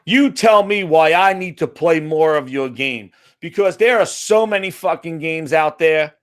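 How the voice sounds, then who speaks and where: A man's voice: a little high, lively intonation, a little slow, fairly bright tone. A man from the United States ranting about a video game, profane, exasperated and sarcastic. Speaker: gaming commentator. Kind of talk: ranting monologue.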